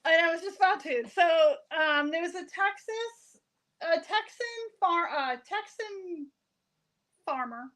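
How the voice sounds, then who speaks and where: A woman's voice: extremely high pitch, expressive, unhurried, a bit bright. An American woman from Florida, a guest in a live craft class, chatting in a rambling way and laughing easily. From Florida, USA.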